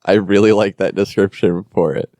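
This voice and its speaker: A man hosting a podcast, chatting casually about board games with jokes and quick self-corrections. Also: low voice, fairly even intonation, dark tone, dry recording, studio quality. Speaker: podcast host.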